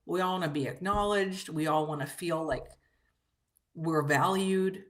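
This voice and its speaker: A woman's voice: on the low side, a little slow. A woman in casual conversation, speaking reflectively and hesitantly, often restarting her sentences.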